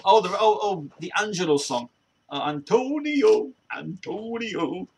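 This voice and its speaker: A man's voice: high voice, normal speed, husky. A man hosting a casual chat show, rambling with many restarts and laughing often. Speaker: show host.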